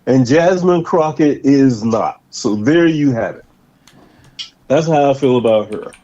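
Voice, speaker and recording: A man hosting a casual political chat show, talking in an animated way and stretching out words for emphasis. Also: medium pitch. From Boston area. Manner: animated, drawn-out emphatic delivery. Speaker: podcast host. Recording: slightly dull lo-fi sound.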